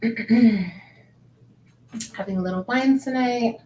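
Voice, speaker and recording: A woman hosts a relaxed livestream from her home, greeting viewers and reading their comments in an unhurried way. Her voice bounces around an echoey room, with a faint hiss of background noise underneath. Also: a little high. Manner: chatty, greets viewers, reads comments aloud. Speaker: livestream host. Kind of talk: casual livestream chat.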